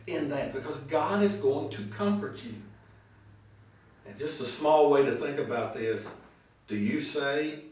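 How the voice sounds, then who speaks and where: A male pastor delivering a sermon, telling stories and slowing down on key phrases. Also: mid-range voice. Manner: storytelling preacher, slow emphatic phrases, acts out quoted voices. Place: church sanctuary. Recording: echoey hall, mic at a distance.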